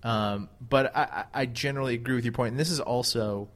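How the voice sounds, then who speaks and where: A man's voice: medium pitch, brisk, fairly bright tone. A man co-hosting a casual chat, rambling and hedging with many fillers and restarts. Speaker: podcast co-host.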